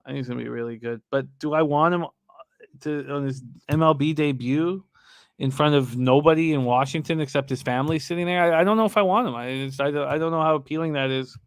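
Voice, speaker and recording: A man's voice: on the high side, a little fast, clean tone, no room sound. A man hosting a live sports betting show, talking casually with restarts and reading viewer comments aloud.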